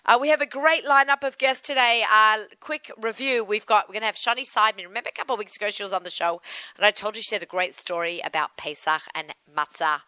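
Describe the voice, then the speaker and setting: A woman's voice: medium pitch, sharp tone, clean tone, dry recording. A woman with an Australian accent hosting a food radio show in a chatty, enthusiastic way. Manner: chatty, enthusiastic, quick asides. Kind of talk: casual radio chat.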